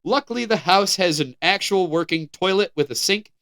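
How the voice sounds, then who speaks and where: An American man co-hosts a casual podcast, reading headlines aloud and breaking off with laughter and restarts. His voice sits a little high and rings bright and clear. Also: normal speed. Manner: animated, laughing, stumbling restarts while reading. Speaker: podcast co-host.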